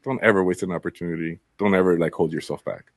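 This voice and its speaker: Low-voiced man telling stories candidly. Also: fairly even intonation, quick pace. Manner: candid, rambling storytelling with frequent fillers and swearing. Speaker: podcast guest. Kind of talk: casual conversation.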